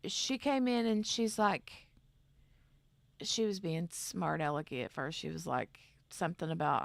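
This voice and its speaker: Slow, gravelly woman chatting. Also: lowish voice, dry recording. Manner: rambling, chatty, reads chat aloud. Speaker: craft channel host. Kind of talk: casual livestream chat.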